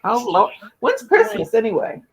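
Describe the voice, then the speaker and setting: Folksy woman hosting a live chat, gravelly and chatty. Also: very high voice, huge pitch swings, moderate pace, low-quality recording. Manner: chatty, folksy, addresses viewers by name. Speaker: livestream host. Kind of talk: casual livestream chat.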